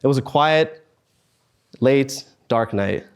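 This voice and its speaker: Speaking at a student fellows meetup, a man in his twenties relates a personal story in a clean-toned voice of ordinary middle pitch. His earnest delivery keeps stalling on pauses and heavy sighs.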